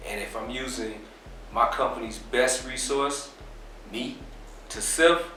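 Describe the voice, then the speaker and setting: A man being interviewed, explaining his business in a relaxed, casual way with plenty of fillers. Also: medium pitch, takes it slowly, recorded from a distance, a little hiss or hum. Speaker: interview guest, business owner. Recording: very echoey room, off mic.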